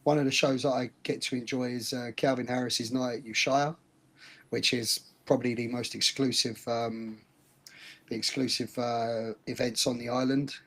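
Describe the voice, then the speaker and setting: A man's voice: medium pitch, little pitch movement, moderate pace, fairly bright tone. A middle-aged man, co-hosting a casual podcast and telling stories bluntly, with frequent laughs. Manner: laughing, blunt storyteller with mild swearing. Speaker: podcast co-host.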